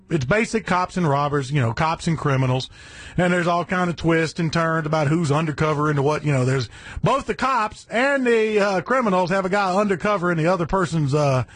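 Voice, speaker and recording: A brash, profane man holds forth on his satellite radio show in a ranting monologue. His husky voice sits high and leaps all over the place, breaking into shouts. The sound is dry and close. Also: no echo.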